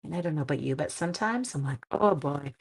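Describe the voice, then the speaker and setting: A woman's voice: sits low, expressive, quick pace, creaky, husky. A woman hosting a casual craft demonstration live stream, chatting with her viewers and reading their comments in a friendly, self-deprecating way.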